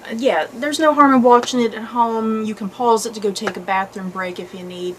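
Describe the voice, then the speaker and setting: A woman hosting a casual movie review chat, animated and chatty, often laughing. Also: on the high side, brisk, a little hiss or hum, low-quality recording. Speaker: host.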